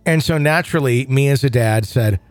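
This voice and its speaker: A man's voice: mid-range voice, brisk, no room sound, soft background music. A middle-aged man hosting a podcast, chatty and rambling as he tells stories in casual talk. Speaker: podcast host.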